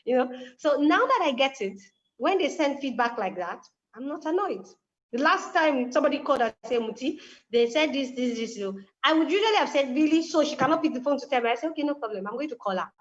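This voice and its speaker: High-voiced woman telling a story animatedly. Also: quick pace. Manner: animated storytelling with quoted dialogue. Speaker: guest speaker. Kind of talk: conversational explanation. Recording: dull lo-fi sound.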